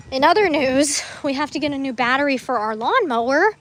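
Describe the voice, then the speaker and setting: A woman's voice: high-pitched, animated, brisk, hardly any pauses, a bit bright, slight background noise. A young woman livestreaming from her farm, chatting casually and rambling as she breaks off to talk to her animals. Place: outdoors on a farm among animals. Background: chickens and a rooster.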